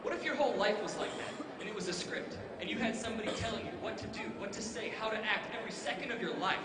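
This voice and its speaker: High-voiced male speaker in an echoey hall. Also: fast talker, loud music behind the voice. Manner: playful, jokey, does silly voices. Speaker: motivational speaker. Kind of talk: energetic stage talk to teens. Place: large hall with a live audience. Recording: echoey hall, loud crowd noise.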